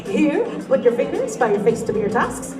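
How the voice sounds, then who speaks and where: Zawadi, a sassy, teasing troupe singer. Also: female voice, sits high, big pitch swings, moderate pace. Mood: playful. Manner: sassy, teasing audience banter. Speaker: stage show performer. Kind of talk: theatrical live stage show. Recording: distant echoey theater with music and crowd.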